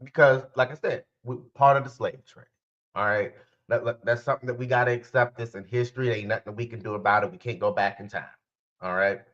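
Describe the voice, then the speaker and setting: A man with a steady, mid-range, fairly bright voice talks fast on his solo podcast. The spiritual life coach rambles casually to listeners, often correcting himself, and the recording has its highs cut off.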